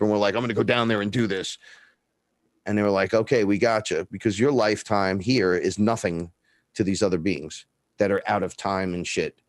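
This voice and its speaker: A man's voice: lowish voice, dry recording, studio quality. A man telling stories in a casual, profane chat, acting out the dialogue. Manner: profane, animated, acts out dialogue in his stories. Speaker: guest.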